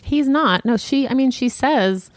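A woman's voice: high-pitched, unhurried, no room sound. A woman co-hosting a podcast in casual chat, giving brief replies and cheerfully plugging her show. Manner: brief replies, upbeat promoting. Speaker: podcast co-host.

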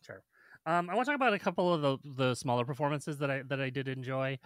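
A man co-hosting a film podcast with a bright, tense voice recorded dry and close. He talks hesitantly, with many ums, and poses questions to his co-host. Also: medium pitch, quick pace, smooth, no room sound. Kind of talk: casual film discussion.

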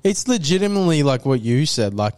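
A man's voice: on the high side, very animated, a little fast, a little mellow, clean tone. An Australian man co-hosting a podcast, chatting casually with short replies and blunt swearing. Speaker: podcast co-host. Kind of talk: casual chat.

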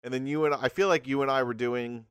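A man's voice: medium pitch, steady tone, fast, a bit bright, smooth, dry recording, studio quality. A man in his thirties in casual chat, griping with swearing and acting out what people said. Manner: exasperated, swears, acts out quotes.

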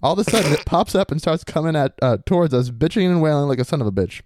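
A male podcast host reads a listener's tale at a rapid clip, slipping into a swaggering, crude bro persona. His voice sits a little high. The sound is dry and close, with no room around it. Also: lively intonation, darkish tone, dry recording. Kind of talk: comedic reading of a listener story.

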